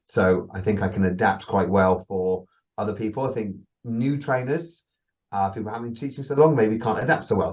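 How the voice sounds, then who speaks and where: Brief: low-voiced male agility trainer, chatty and profane, recorded dull and slightly off-mic. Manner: swearing, laughing, animated storytelling. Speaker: dog agility trainer, podcast co-host. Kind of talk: casual podcast chat.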